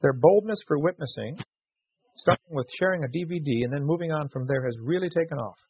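A man's voice: fairly high pitch, a little fast, breathy edge, no room sound. A man hosting a radio show, reading listener letters aloud and telling jokey stories with frequent laughs. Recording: dull lo-fi radio recording.

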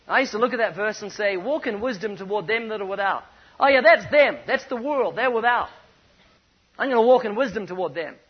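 In a sermon, a man with a New Zealand accent tells stories and hammers his points home through punchy, emphatic repetition. His voice is high, ringing and husky, and the recording sounds dull and muffled.

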